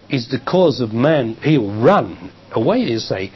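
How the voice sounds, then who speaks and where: An older man with an Australian accent, a spiritual teacher answering a question from the audience in a calm, emphatic way. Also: mid-range voice, normal speed, few pauses, breathy edge. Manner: calm, emphatic, acts out quoted dialogue. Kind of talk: public talk answering a question. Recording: muffled 1990s live talk tape, faint hiss.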